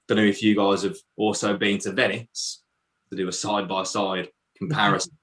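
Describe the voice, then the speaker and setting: A man in his late twenties with a Birmingham accent, doing a stand-up set in a flat, deadpan, bleak-sounding voice. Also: on the low side, normal speed. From England. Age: late 20s. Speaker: stand-up comedian. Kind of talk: stand-up set on a video call.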